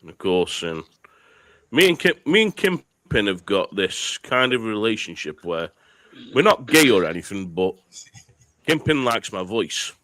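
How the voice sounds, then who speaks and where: A man with an English accent hosts a casual podcast. He is friendly, and his low voice swoops about a lot. The sound is dry and close. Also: sing-song, a little slow, a bit bright, dry recording. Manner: friendly, repeats "my brother". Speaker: podcast host. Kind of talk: casual chat.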